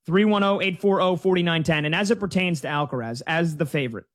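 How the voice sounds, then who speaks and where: A man's voice: fairly high pitch, a little fast. A man giving casual sports betting analysis in a conversational, filler-heavy way.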